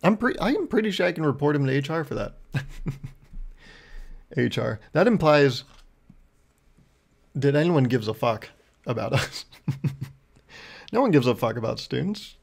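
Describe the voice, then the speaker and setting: A man's voice: medium pitch, sing-song, moderate pace, vocal fry, pauses often, slightly rough. A young man hosting his own podcast, telling a rambling, profane story in a casual monologue. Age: young adult. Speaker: podcast host.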